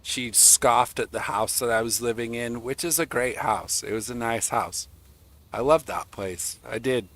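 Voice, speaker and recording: A man's voice: mid-range voice, a little slow, fairly bright tone. A young man streaming and chatting casually, rambling and joking crudely. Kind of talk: casual chat.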